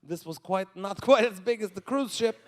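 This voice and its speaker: A man with a Quebec French accent performing stand-up comedy live, telling stories in an animated way and acting out what people said. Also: sits high, moderate pace, a little hiss or hum. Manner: animated storytelling, acting out quotes. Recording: reverberant live venue with ambience.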